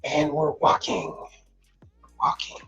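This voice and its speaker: A man's voice: takes it slowly, a bit bright. A man, an appliance technician, chatting casually on a livestream, often restarting his sentences. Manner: casual, repetitive, starts over a lot. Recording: dull sound with faint music.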